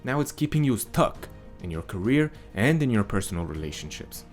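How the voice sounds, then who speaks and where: A man's voice: lowish voice, sing-song, normal speed, soft background music. A man teaching as a voice coach in a scripted monologue, stressing key words with big rises and falls.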